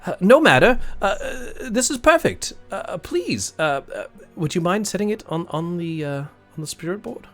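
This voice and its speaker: A man's voice: medium pitch, sing-song, unhurried, soft background music. A man voicing an eager, nervous young woman occultist, stammering and hesitant. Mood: flustered. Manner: hesitant, stammering, full of uhs.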